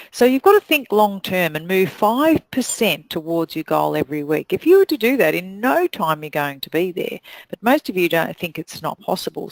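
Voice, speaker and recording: A woman's voice: on the low side, creaky, no room sound, low-quality recording. A middle-aged woman with a New Zealand accent, giving a blunt, direct motivational talk to salon owners and hairdressers. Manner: blunt, direct, acts out quoted voices. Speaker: salon business coach.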